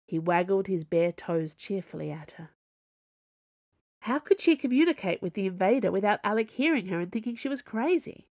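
A woman's voice: mid-range voice, lively intonation, normal speed, darkish tone, no echo, muffled recording. Woman reading romance audiobook. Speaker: audiobook narrator. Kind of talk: scripted narration.

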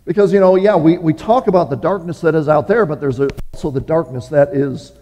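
Earnest pastor preaching in a reverberant hall. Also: male voice, fairly high pitch, dark tone. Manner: earnest, with measured pauses and small restarts. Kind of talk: sermon with scripture reading. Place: church sanctuary. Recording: long reverb of a large hall.

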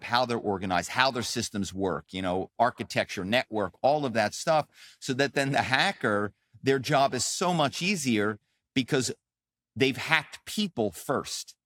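A man who is a guest author and former actor tells stories in an animated interview, with emphatic, dramatic delivery and quoted voices acting out calls. His voice is lowish and fairly bright, studio quality with no room sound.

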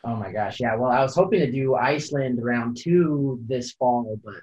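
A man's voice: medium pitch, moderate pace, a little mellow. A man from California answers podcast questions in a casual, rambling way. He keeps restarting his sentences and leans on fillers. His voice sits in a middle register on a slightly dull, lo-fi recording. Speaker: podcast guest, photographer and climber. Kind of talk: casual interview chat. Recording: dull lo-fi sound.

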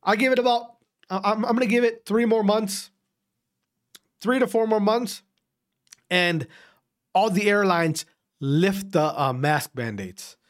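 A man's voice: high voice, measured pace, long pauses. A man ranting casually to his audience, profane and repetitive, often restarting and repeating his phrases, from Wisconsin. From Wisconsin, USA. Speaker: vlogger. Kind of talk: casual rant to camera.

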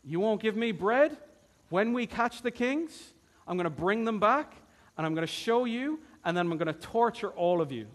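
A man doing a high, placating biblical leader. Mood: angry. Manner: high and eager, quick soothing flattery.

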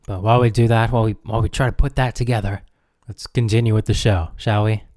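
A man's voice: lowish voice, steady tone, fast talker, darkish tone, no echo, clean studio sound. A man hosting a radio show, rambling and self-deprecating in comic banter with his listeners. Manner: self-deprecating, chatty, talks to the audience.

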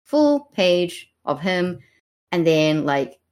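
A woman's voice: fairly low pitch, big pitch swings, drawn-out words, darkish tone. A woman co-hosting a podcast, chatting with amusement about a comic, with lots of fillers. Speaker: podcast co-host. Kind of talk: casual discussion of a comic.

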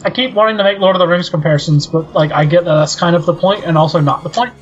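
High-voiced joking man on a call. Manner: joking, chatty, halting restarts. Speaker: tabletop game player. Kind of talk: casual chat on a voice call. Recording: lo-fi voice call with faint music.

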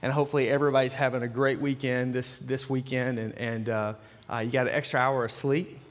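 Speaking a little fast with a flat delivery, this mid-range-voiced man is a senior pastor giving a sermon. He preaches conversationally, restarting and going off on asides, before a live congregation in a church sanctuary whose long reverb fills the recording.

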